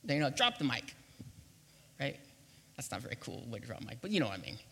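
A man preaching a sermon as pastor, playful and animated, acting out quotes and laughing as he goes. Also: medium pitch, fast talker, gravelly, husky, long reverb tail.

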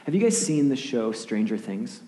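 A male pastor giving a sermon, telling a story vividly and often dropping to a hushed near-whisper, with casual questions to the listeners. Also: mid-range voice, sing-song, normal speed, slight background noise. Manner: conversational, asks the audience questions. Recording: echoey hall with long reverb.

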